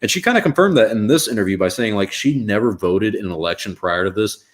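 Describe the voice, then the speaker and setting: Low-voiced young man rambling through a reaction stream. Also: expressive, fast talker. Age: young adult. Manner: rambling, filler-heavy, wry. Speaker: live stream reaction host. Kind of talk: casual reaction stream commentary.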